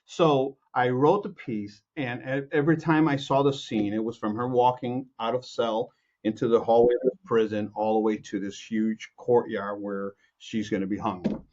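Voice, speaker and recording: A man from Chicago, a composer and guest, telling anecdotes with lively acted-out quotes, many restarts and laughs. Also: mid-range voice, moderate pace, lo-fi sound. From Chicago, USA. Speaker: music producer and film composer, guest. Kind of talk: animated anecdotal storytelling.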